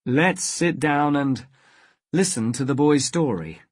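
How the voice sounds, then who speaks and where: A relaxed, curious father, as a reader puts him on talks slowly in a husky voice. The sound is dry and close to the mic. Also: mid-range voice, no echo. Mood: friendly. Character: friendly adult father.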